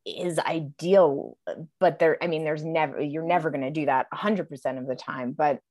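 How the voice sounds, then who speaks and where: A woman in her forties, a guest on a podcast, talking reflectively and softly with frequent pauses. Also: low voice, steady tone. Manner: reflective, soft-spoken, many fillers. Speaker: guest, TV writer and producer. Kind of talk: casual conversation.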